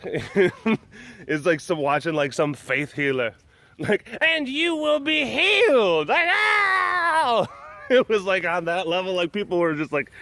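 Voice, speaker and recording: A man's voice: on the high side, fairly bright tone, no room sound. A man hosting a casual vlog from outdoors at a big cat sanctuary, where he guides tours. He rambles and jokes, with many fillers and restarts.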